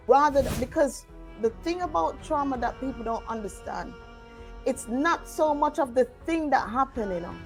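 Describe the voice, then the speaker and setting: A woman podcast guest speaking firmly and deliberately about her beliefs. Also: high voice, lively intonation, faint music behind. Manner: firm, deliberate. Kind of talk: conversational discussion.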